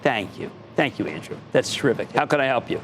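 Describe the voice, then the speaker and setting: A man's voice: mid-range voice, animated, fast talker, a little hiss or hum. A middle-aged man hosting a television finance show, talking emphatically and repeating phrases for effect. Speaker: TV market show host. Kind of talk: energetic TV finance commentary.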